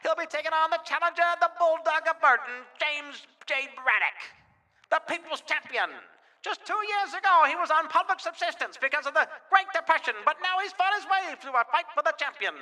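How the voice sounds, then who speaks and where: A man voicing a 1930s boxing radio announcer with booming, breathless ringside patter. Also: expressive, brisk, bright, forceful tone, full character voice. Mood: excited.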